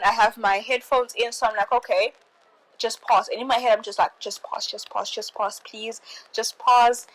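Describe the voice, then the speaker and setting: A woman's voice: mid-range voice, low-quality recording. A young woman telling a story in casual chat, full of "like" and "bro" and exasperated asides. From South Africa. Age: young adult. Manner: chatty, peppered with "like" and "bro"; exasperated, animated retelling. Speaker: host.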